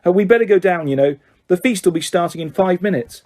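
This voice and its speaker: A man voicing an anxious, bookish teenage girl witch in a storybook reading, talking quickly and worriedly. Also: high-pitched, warm tone, natural voice. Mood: hushed worry.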